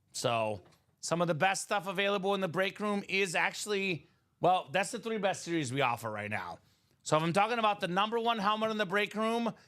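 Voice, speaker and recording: Upbeat high-voiced salesy livestream host man. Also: fairly bright tone. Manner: upbeat, chatty, salesy, many "uh" fillers. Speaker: live card break host. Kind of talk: casual sales chat on a livestream.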